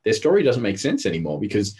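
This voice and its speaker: A man's voice: fairly low pitch, huge pitch swings, quick pace, darkish tone, slightly rough. A man, a therapist and coach, telling intense stories in a casual podcast conversation and acting out what people said. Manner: intense, storytelling, acts out quotes.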